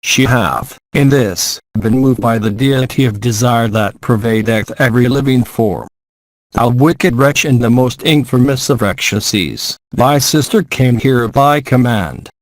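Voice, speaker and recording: A man's voice: mid-range voice, measured pace, no room sound, close to an everyday voice. A man reading aloud as a mighty, boastful young warrior hero, speaking in archaic, declamatory phrases.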